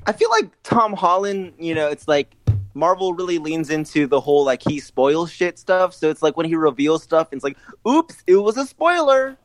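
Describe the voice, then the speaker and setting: A man's voice: fairly high pitch, normal speed, over music. A young man co-hosting a podcast, laid-back and slangy in casual chat. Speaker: podcast co-host.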